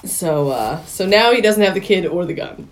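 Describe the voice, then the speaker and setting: A woman's voice: fairly low pitch, lively intonation, normal speed, a little hiss or hum. A woman co-hosting a podcast, retelling a movie plot in casual chat, acting out the characters' lines and laughing often. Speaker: podcast co-host.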